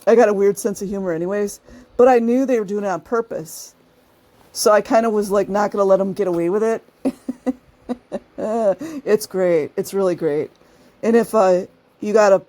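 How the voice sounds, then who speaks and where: A woman's voice: medium pitch, a little mellow. A woman hosting her own channel, talking casually to her viewers. She laughs often and acts out the people she describes. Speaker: channel host.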